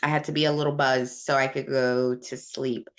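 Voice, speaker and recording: A woman's voice: a bass voice, flat delivery, moderate pace. A woman from Puerto Rico hosting a casual live stream, answering viewer comments in a rambling, candid way with many fillers. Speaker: host.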